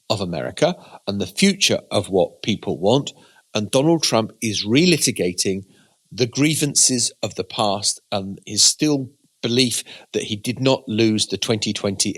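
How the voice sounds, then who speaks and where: A man co-hosting a political podcast, recalling events and weighing them up in a measured, reflective way. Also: lowish voice, a bit bright, breathy edge. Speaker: podcast co-host. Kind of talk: conversational political analysis.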